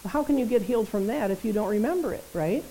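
Mellow-voiced woman preaching conversationally. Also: medium pitch, fast, slight background noise, rough recording. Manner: conversational, animated, tag questions. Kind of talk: sermon.

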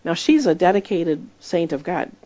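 A woman with a somewhat low voice gives a conversational sermon, telling stories with emphasis and slipping into the voices of the people she quotes. The recording sounds dull and lo-fi. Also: sing-song, normal speed, mellow, no echo. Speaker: preacher.

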